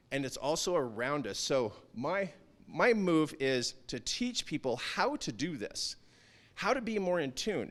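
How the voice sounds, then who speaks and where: Male speaker, slightly high voice, earnest motivational talk with intense emphatic peaks. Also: fairly bright tone. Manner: earnest, emphatic, rising to intense peaks when quoting himself. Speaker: town hall speaker. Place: event stage.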